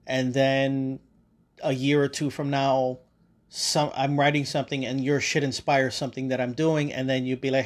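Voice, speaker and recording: A podcast host delivers a casual, rambling monologue in a mid-range voice with a level tone and measured pace. He uses lots of fillers and restarts, and he swears.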